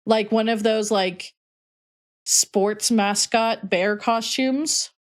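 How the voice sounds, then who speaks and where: A woman's voice: a little high, very slow. A young adult woman streamer telling a rambling story in a casual, chatty way. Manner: chatty, rambling, heavy "like" fillers. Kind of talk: casual storytelling while playing.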